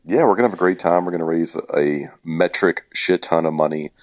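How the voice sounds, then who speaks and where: Very deep-voiced casual man. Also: a little fast, dry recording, studio quality. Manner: relaxed, joking, many fillers. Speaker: event organizer and guest. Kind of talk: casual podcast interview.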